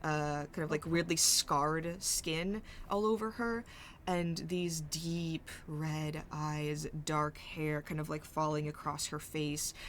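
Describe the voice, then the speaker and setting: A woman narrating a tabletop role-playing game as game master, halting and searching for her words as she describes scenes. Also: sits low, fairly even intonation, slight background noise.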